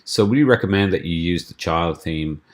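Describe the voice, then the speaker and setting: A man from a theme company walking through a screencast tutorial, explaining steps in a relaxed way with frequent ums and restarts. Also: deep voice, normal speed. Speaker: theme developer giving a tutorial.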